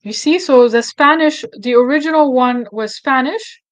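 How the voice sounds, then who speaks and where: A woman hosting a casual screen-recorded software walkthrough, thinking aloud and correcting herself with frequent restarts. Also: sits high, moderate pace, rough recording. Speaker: tutorial host.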